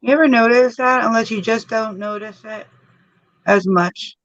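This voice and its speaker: High-pitched chatty man. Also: normal speed, a bit bright, no room sound, lo-fi sound. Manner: chatty, rambling, filler-heavy. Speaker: face painter. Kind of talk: casual chat while face painting.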